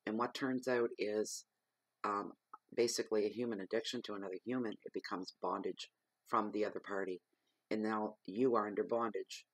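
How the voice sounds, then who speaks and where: A man with a fairly low voice delivers a weekly tarot reading as an earnest monologue. He presses his points through repetition and emphatic advice, with a cough. The sound is dry and close, with no room around it. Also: fairly even intonation, moderate pace, no room sound. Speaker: tarot reader.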